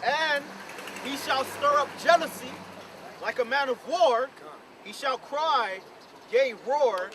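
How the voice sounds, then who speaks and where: A man reading scripture aloud outdoors, slowly and deliberately. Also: very high-pitched. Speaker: scripture reader. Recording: outdoor street with background noise, slightly off-mic.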